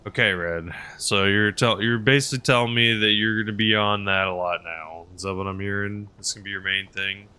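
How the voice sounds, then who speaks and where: Male streamer, low voice with a very bright edge, loose chatty delivery reading out chat. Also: steady tone, fairly quick, few pauses, clear, resonant tone. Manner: rambling, chatty, answers chat messages aloud. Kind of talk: casual live-stream chat.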